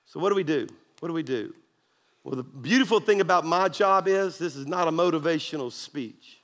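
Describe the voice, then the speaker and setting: A male pastor delivers an emphatic sermon, urging the congregation to answer him back. His voice sits high for a man. The sound rings with the long reverb of a large church hall. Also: a bit bright. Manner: preachy, emphatic, call-and-response to congregation.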